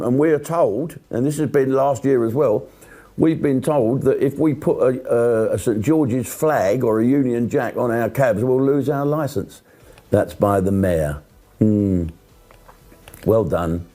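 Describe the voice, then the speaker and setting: A man holds forth in a sweary, sarcastic rant, mocking and blunt, his voice dark and mellow. He sits in a middle pitch and throws out crude asides. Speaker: political commentator.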